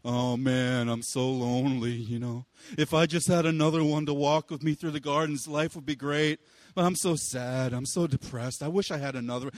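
A man's voice: medium pitch, fairly even intonation, normal speed, dry recording, studio quality, pitched below the performer's own voice, close to an everyday voice. A man preaching voices a self-pitying, lonely young Adam in a sulky, droning way. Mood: mopey.

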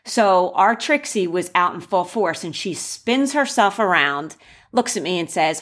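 A young woman casually telling the story of her wedding and giving advice, animated, acting out the quoted voices with gasps. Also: fairly low pitch, measured pace. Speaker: bride sharing wedding advice.

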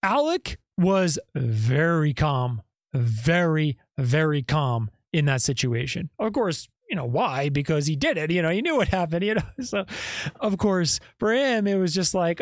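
A man's voice: fairly high pitch, expressive, a little slow, dry recording. Guy ranting on his podcast, keeps going "okay? right?", dead dry sound. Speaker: podcast host. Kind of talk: casual commentary. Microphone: podcast microphone.

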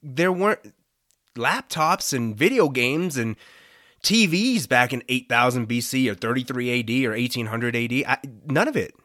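Man, podcast host, casual faith talk, earnest, lively pitch, dry close sound. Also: normal speed, no echo. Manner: earnest, conversational, expressive rises and dips.

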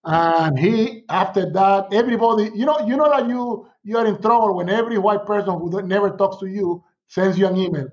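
Middle-aged professor, high voice, animated storyteller, dull lo-fi recording. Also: male voice, fairly quick, hardly any pauses. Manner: animated storyteller, laughs often, acts out quotes. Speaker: sociology professor, guest. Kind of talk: casual conversation, storytelling.

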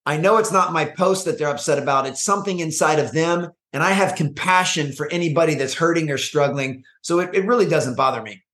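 A man talks in an earnest, measured way, often restarting his sentences as he explains his view. His voice sits a bit high for a man and rings with a roomy echo. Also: a bit bright. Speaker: podcast guest, performance coach. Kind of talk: conversational interview.

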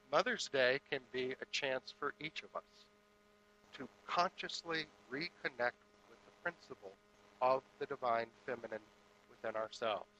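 Bright-voiced man giving a measured sermon. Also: mid-range voice, rough recording. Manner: measured, deliberate phrasing. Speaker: spiritual speaker.

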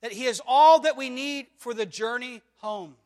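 A man preaching a sermon to a congregation, moving from low questioning to loud, emphatic declarations. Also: normal speed. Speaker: pastor.

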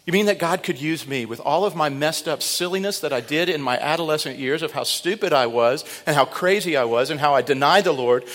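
A middle-aged man preaching in a large church sanctuary. He swings from hushed, intimate asides to loud, fervent calls, and the long reverb of a big hall trails every phrase. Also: on the high side. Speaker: pastor. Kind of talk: sermon.

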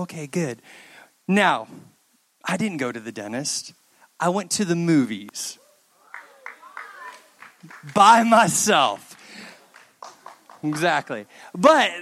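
A young adult man giving a youth sermon, telling a personal story in an animated way and acting out the dialogue. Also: high-pitched. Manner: animated storyteller, acts out dialogue in quoted voices.

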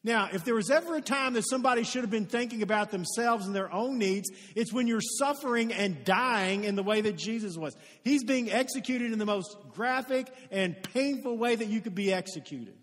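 Male pastor, high voice, earnest sermon in a church hall with long reverb. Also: moderate pace, few pauses, fairly bright tone. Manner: earnest storytelling, rising to emphatic peaks. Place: church sanctuary.

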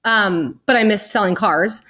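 A woman's voice: medium pitch, measured pace, bright, forceful tone. Chatty woman guest telling her story. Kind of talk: casual interview.

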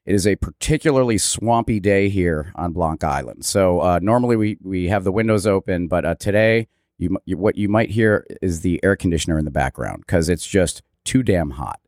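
A man's voice: low-pitched, expressive, normal speed, few pauses, darkish tone, dry recording. A man co-hosting a podcast in casual chat, laid-back and chatty, swearing freely. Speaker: podcast co-host. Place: indoor room on an island. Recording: dry indoor room, air conditioner behind.

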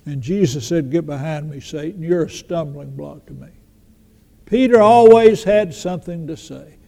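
A man's voice: on the high side, moderate pace, vocal fry, warm tone. An older man preaching a sermon in a folksy storytelling manner, acting out the voices of the people he quotes. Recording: long reverb in a large hall.

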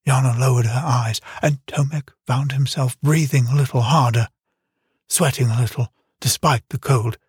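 A man narrating an audiobook in a measured, even storytelling manner. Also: mid-range voice, breathy edge, dry recording, clean studio sound. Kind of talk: scripted narration.

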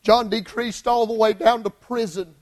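A male preacher delivering an impassioned sermon in church, swinging from hushed lines to shouted ones. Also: high voice, fairly even intonation, moderate pace, low-quality recording.

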